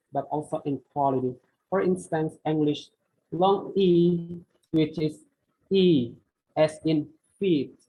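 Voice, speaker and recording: A young adult student whose first language is Indonesian gives a class presentation, halting and often restarting phrases. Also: mid-range voice, narrow, tinny audio.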